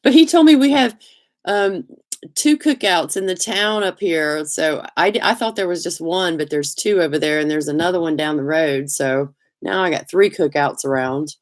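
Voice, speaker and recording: A middle-aged woman with a low voice and a Southern US accent hosts a casual live chat. She is talkative, laughs quickly and greets viewers by name.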